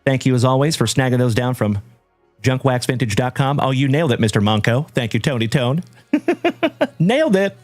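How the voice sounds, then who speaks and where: Dude running a card break stream, friendly "my brother" vibe, mid voice, dry mic, bit of music under it. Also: male voice, medium pitch, a little fast, no echo. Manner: hearty, shout-outs full of "my brother" and "my man". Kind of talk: upbeat livestream chat with viewers.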